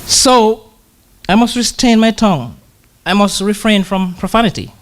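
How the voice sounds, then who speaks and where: A man preaching to his congregation in an easy conversational way, with a somewhat high voice. He pauses often and repeats words as he gathers his thoughts, then slows right down to read scripture. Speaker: church brother preaching. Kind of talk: conversational sermon.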